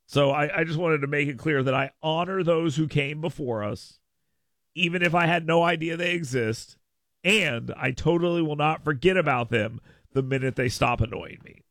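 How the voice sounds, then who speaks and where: A middle-aged man hosting a talk radio show, sarcastic and mock-petty, jumping between low mutters and hyped shouts in his monologue and ad reads. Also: normal speed, no echo. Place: radio studio. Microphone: studio microphone.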